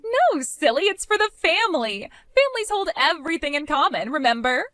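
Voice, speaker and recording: A woman's voice: sits high, big pitch swings, fairly quick, fairly bright tone, dry recording, soft background music, pitched above the performer's own voice. A woman doing a whiny, greedy sister-in-law. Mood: scheming. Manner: whiny, sing-song, demanding. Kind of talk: voiced story drama.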